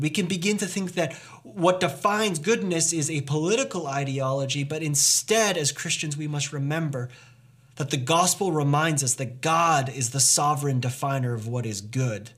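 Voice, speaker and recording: A man's voice: a little high, moderate pace, a bit bright. A man preaching a sermon as pastor, earnest and emphatic, posing rhetorical questions to the congregation.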